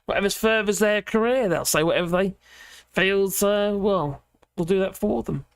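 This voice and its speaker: Man, livestream host, high bouncy voice, chatty and opinionated, dry close sound. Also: normal speed, gravelly, clean tone, dry recording. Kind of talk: casual livestream chat reading viewer comments.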